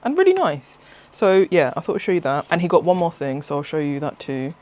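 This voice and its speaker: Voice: mid-range voice, fast talker. Chatty craft vlogger, rambling. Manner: rambling, excitable, self-interrupting, laughs often. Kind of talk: casual chatty vlog.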